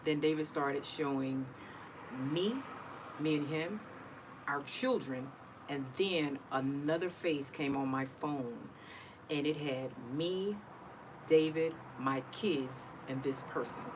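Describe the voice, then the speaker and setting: Middle-aged female vlogger, low register, chatty and emotional; noisy home recording. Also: takes it slowly. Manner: chatty, emotional, repeats herself. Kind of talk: casual personal vlog.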